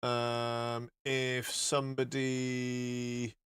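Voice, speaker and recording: A man's voice: medium pitch, completely flat delivery, extremely slow, a bit bright, clean tone. Joking man streaming live. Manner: rambling, joking, swearing. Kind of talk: casual live-stream chat.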